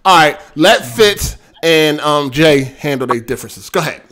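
A man hosting a podcast who jokes around and tries to calm down an argument between his co-hosts. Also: on the high side, normal speed. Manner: playful peacemaker, joking. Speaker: podcast host. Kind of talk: casual podcast talk.

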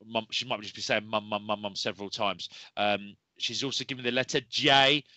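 A man's voice: on the low side, steady tone, a little fast, bright, forceful tone, dry recording, low-quality recording. A man hosting a live show of psychic readings, talking in a rambling, reassuring way with many fillers, tired after a long day. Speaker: medium and show host.

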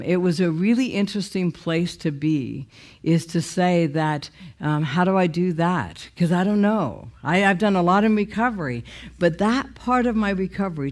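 A woman's voice: lowish voice, darkish tone. Woman telling her testimony with raw emotion. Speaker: speaker sharing a personal testimony. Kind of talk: personal testimony talk.

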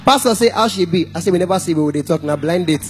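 A man with a Nigerian accent doing stand-up comedy, animated and breaking into song and mock shouting. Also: sits high, fast talker, a little hiss or hum.

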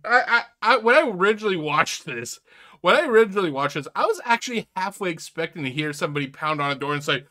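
A man riffing sarcastically on a clip he is reacting to, disbelief in every line. His pitch leaps all over the place, and his tone is bright and forceful. He swears freely and trips over his own words. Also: lively intonation, fast. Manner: incredulous, sarcastic, swears a lot, many restarts. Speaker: reaction video host. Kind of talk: mocking commentary on a clip.

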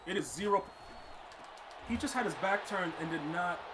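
A man streaming a football video game, commenting live and talking to his chat, often exasperated and breaking into loud outbursts. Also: high-pitched, expressive, normal speed, noisy background. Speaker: gaming streamer.

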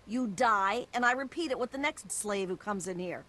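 A woman's voice: mid-range voice, lively intonation, moderate pace, sharp tone. An actress playing a brash, mocking woman who recruits fighters for deadly arena matches in a video game. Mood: taunting. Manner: taunting, brash.

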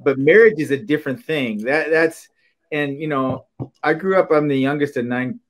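An older man from Minnesota, a podcast guest, talking in a halting way with many fillers and soft laughs. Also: a little high. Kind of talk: casual interview chat.

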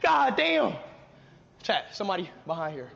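A young man live-streaming through a haunted house, loud and panicky, swearing and yelling as he goes. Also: high voice, sing-song, normal speed, vocal fry. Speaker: livestreamer. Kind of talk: frantic live-stream reactions. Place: indoor haunted house attraction. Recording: dull lo-fi stream audio, noisy.

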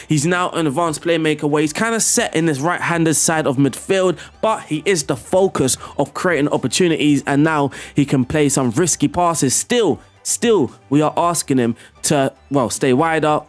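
Chatty man explaining game tactics. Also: on the high side. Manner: chatty, excitable, laughs at himself. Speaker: gaming YouTuber. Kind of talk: video game tactics walkthrough and commentary.

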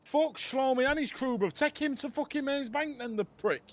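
Man voicing a crew boss, very high voice, sweary, mocking, ranting. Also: normal speed. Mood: furious. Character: hot-headed young male crew boss. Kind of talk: GTA role-play voice chat.

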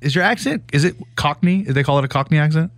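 A man's voice: a little high, quick pace, fairly bright tone. A man hosting a casual chat from a studio, telling stories, laughing easily and asking the guest questions. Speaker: host.

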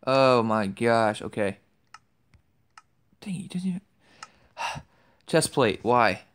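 A young man giving excitable commentary over a game he is playing, trash-talking opponents. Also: mid-range voice, slow pace. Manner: excitable, yelps and trash-talks. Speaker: gaming YouTuber.

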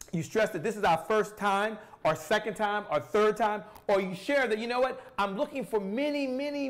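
A middle-aged man hosting a sales talk show, coaching the viewer directly in an energetic, preachy way with many rhetorical questions. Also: high-pitched. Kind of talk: solo motivational sales talk to camera.

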